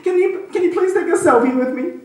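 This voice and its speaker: A man playing a desperate male police officer who weeps and begs in a high, frantic voice. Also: brisk. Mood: weeping. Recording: echoey room from a distant mic.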